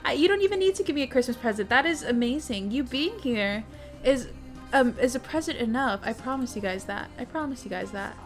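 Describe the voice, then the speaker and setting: A young woman with a slightly high voice hosts a casual livestream from home. She is bubbly and chatty with viewers and swears now and then. Soft music plays faintly behind her. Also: lively intonation, fairly quick. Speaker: livestream host. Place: home streaming setup. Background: faint music playing.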